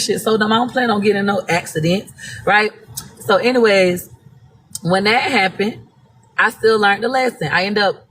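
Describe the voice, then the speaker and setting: A woman talks in a loose, unscripted live-stream monologue, blunt and heavy on profanity. Her pitch sits in an ordinary middle range. A faint hum of ambient noise runs underneath. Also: fairly bright tone. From Florida. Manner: blunt, profane, emphatic storytelling. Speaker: social media personality.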